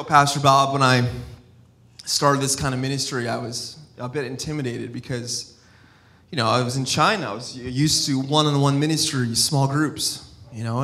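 A man's voice: mid-range voice, pushed and bright. A middle-aged man preaching a sermon in a free-flowing, personal storytelling style, with many restarts and asides. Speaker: evangelist-missionary. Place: church.

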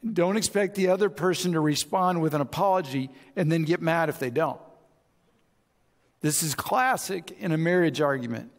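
A man's voice: a little high, moderate pace, big-room sound. A man preaching a sermon as pastor, speaking conversationally and acting out both sides of arguments. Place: large church auditorium.

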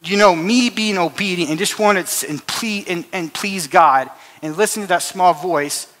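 In a church hall with long reverb, a man preaches a sermon and shares a personal story. His voice is high and fairly bright, at a normal speed, and he sounds earnest, often restarting and repeating himself.

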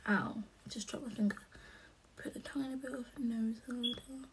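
A young woman vlogging casually as she does her makeup, talking softly and often half-whispering in a chatty way. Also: on the high side, fairly even intonation, moderate pace, slight background noise. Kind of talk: casual chat while doing makeup.

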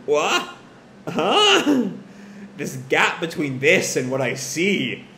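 A man's voice: a little high, unhurried, bright, forceful tone. A man voicing a flustered, polite young man who sputters formal apologies, reading a manga aloud. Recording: echoey room, faint hiss.

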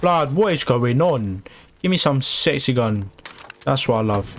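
A young man, excitedly commentating his own gameplay and trash-talking opponents. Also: mid-range voice, a little slow, background noise. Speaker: gamer. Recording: game music in background.

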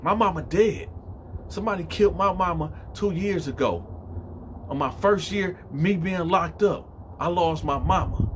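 A man voicing a tough, menacing prison inmate who gives gruff orders. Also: on the low side, fairly quick, slight background noise, close to an everyday voice. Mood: mocking. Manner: gruff, commanding.

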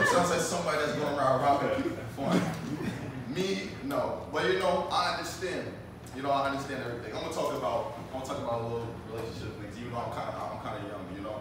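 A man's voice: medium pitch, fast, recorded from a distance, background noise. Young man doing stand-up in an echoey club. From Jamaica. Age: 20s. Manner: loose, chatty storytelling with lots of fillers. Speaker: stand-up comedian. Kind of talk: stand-up comedy set. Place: comedy club stage.

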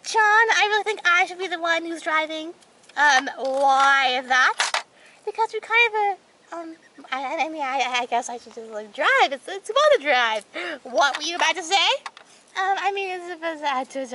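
A woman's voice: very high voice, measured pace. A woman voicing a whole group of toy characters, chattering and squealing through their banter in a playful role-play. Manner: excitable, squealing, chattering banter between figures. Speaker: toy video creator voicing all the characters. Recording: noisy home recording.

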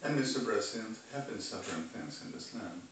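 A man delivering an agitated, rambling monologue, swinging between loud outbursts and low muttering. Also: lively intonation, fairly quick. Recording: very echoey room, voice far from mic, faint hiss.

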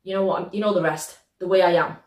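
Lively British woman reacting in a roomy space. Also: fairly low pitch, dull audio. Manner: slangy, animated, quick to laugh. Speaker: reaction video host. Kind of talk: excitable casual reaction commentary.

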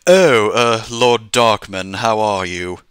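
A man's voice: on the low side, takes it slowly, a bit bright, clear, resonant tone, dry recording, studio quality. A man voicing a flustered, hesitant male lord in a text adventure game, stammering as he talks.

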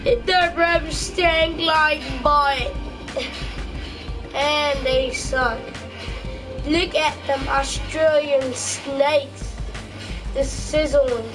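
A gameplay commentator talking in a halting, excited way, often yelping and shouting at the game. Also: high-pitched, poor audio. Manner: loud, yelps and shouts at the game. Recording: music playing loudly behind. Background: loud music.

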